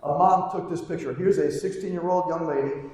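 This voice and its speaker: A man's voice: a little high, steady tone, fairly quick, darkish tone. A middle-aged man, a pediatric chiropractor, tells earnest stories to a live conference crowd and keeps asking them "right?". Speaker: pediatric chiropractor giving a keynote. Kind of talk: live conference talk, storytelling. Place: large conference hall, live on stage. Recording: very echoey hall, distant mic.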